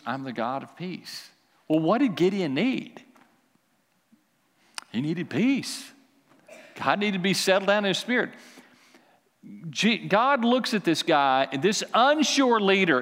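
A man's voice: on the high side, a bit bright. Emphatic preacher man in a big hall. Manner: emphatic, repeats lines for the congregation. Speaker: pastor. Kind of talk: sermon.

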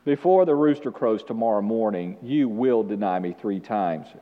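A man voicing a gentle, frank teacher. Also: on the low side, lively intonation, moderate pace, voice pushed down, close to an everyday voice. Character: gentle, frank male teacher speaking kindly. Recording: dull sound with long hall reverb.

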